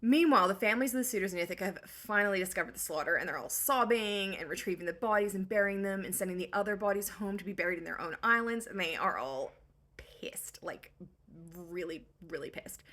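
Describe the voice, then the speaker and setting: A woman's voice: mid-range voice, sharp tone. A woman hosting a casual, comedic book recap, full of sarcastic slangy asides.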